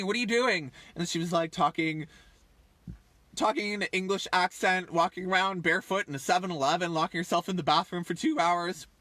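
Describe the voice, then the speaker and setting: A man in his thirties chatting on a livestream in a loose, rambling way, drifting between thoughts with plenty of fillers. His voice sits a bit high and sounds bright and forceful. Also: no room sound. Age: 30s. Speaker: livestream host. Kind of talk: casual rambling livestream chat.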